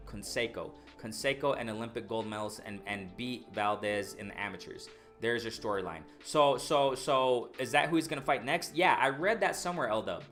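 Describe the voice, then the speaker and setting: A man hosting a live boxing stream who reads viewer comments aloud and reacts with excitable, repetitive commentary. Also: mid-range voice. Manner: excitable, repeats himself, reads chat aloud. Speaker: boxing livestream host. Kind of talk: live chat reading and commentary.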